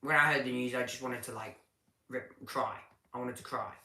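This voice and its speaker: A man giving casual live commentary on a race session, chatty and halting, often restarting sentences as he reads viewer questions. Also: mid-range voice, steady tone, pushed and bright, reverberant, a little hiss or hum. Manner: chatty and halting, with frequent restarts while reading chat.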